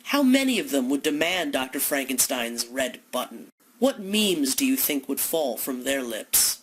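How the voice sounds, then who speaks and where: A woman giving an impassioned, accusatory monologue full of rhetorical questions, building to loud declamation. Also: low voice, slightly rough, low-quality recording. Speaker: speaker delivering a philosophical monologue.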